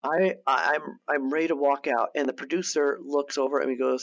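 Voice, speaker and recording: A man of ordinary pitch tells a story as a podcast guest. He talks casually and often stumbles into restarts and repeated words as he builds the tale. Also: a little fast. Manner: animated anecdote-teller who restarts and repeats words. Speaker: guest, TV producer and director.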